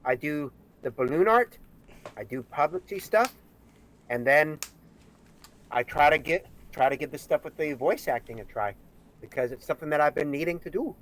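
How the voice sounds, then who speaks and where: A man's voice: fairly high pitch, animated, normal speed, a bit bright, a little hiss or hum, rough recording. A man co-hosting a casual live-streamed talk show, earnest and chatty.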